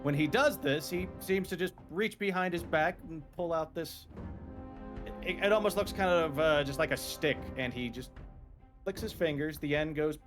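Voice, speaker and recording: A man playing a tabletop game, casually narrating his character with halting speech. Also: fairly high pitch, over music. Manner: halting, with many fillers.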